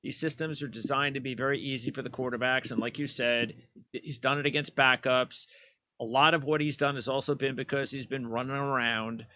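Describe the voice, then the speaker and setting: A man's voice: medium pitch, steady tone, brisk, sharp tone, dry recording. A man co-hosting a sports talk show, arguing his roster picks in an emphatic, opinionated way with frequent restarts. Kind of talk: casual sports debate.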